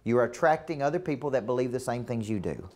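With a Southern US accent and an animated, fast delivery, a male business coach runs a live coaching seminar. His voice is medium in pitch and a little mellow; he is emphatic and repetitive, often confirming the room is keeping up.

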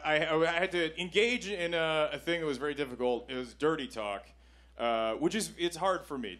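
A young man from Canada doing a stand-up set in a comedy club, self-deprecating and switching into quick voices for the people in his stories. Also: a little high, a bit bright. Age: 20s.

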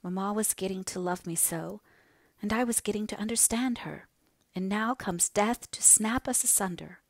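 A woman reading the lines of a gentle young heroine grieving over her mother, in a subdued, earnest tone. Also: mid-range voice, moderate pace, dry recording, clean studio sound, close to an everyday voice. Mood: tearful.

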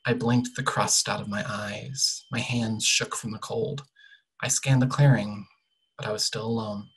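A young author reads from their own novel in a quiet, measured way. The voice is husky and breathy, sitting at a middle pitch. Sentence endings often fall away softly. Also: steady tone, poor audio. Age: young adult. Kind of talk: literary reading of a novel excerpt.

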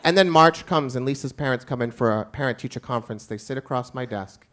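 A man's voice: medium pitch, fast, a bit bright. A man who is a teacher tells a wry, self-mocking personal story live on stage.

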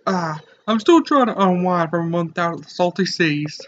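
A man's voice: sits high, animated, normal speed, muffled recording, a little hiss or hum. A man voicing a grizzled old sailor fisherman with a put-on old salt accent. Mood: hearty.

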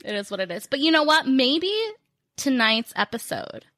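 Bright, giggly woman podcaster. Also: high voice, expressive, no echo. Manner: chatty, giggly, quick bursts. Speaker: podcast co-host. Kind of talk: casual podcast chat.

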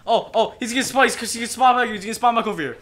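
A man playing an online game, excitable and mocking, laughing often in casual chat. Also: very high-pitched, very fast, a little hiss or hum. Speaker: game player.

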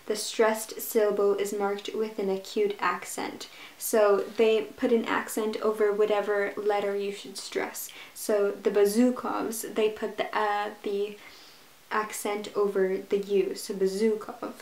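A woman's voice: medium pitch, completely flat delivery, unhurried, darkish tone, echoey room, poor audio. A woman talking casually and enthusiastically about a book she is starting, gushing with restarts and fillers. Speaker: book vlogger. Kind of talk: casual reading vlog.

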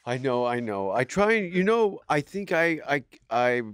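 A man's voice: mid-range voice, very animated, normal speed, a bit bright, smooth, no echo. A Canadian man, a comedy podcast guest, talking in a crude, rambling, self-deprecating way in a studio. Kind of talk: casual comedy podcast chat.

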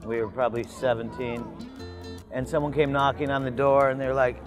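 A man telling an amused anecdote quickly in a documentary interview. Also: medium pitch, steady tone, over music.

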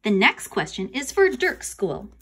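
A woman voicing an excitable grown man hosting a school quiz, announcing in a bouncy way. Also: mid-range voice, unhurried, breathy edge, heavily acted. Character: excitable adult male quiz host.

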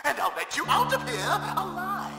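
A man's voice: extremely high pitch, huge pitch swings, moderate pace, creaky, pushed and bright, soft background music, full character voice. A man voicing a creepy, vengeful puppet performer in a horror game, theatrical and singsong. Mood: menacing.

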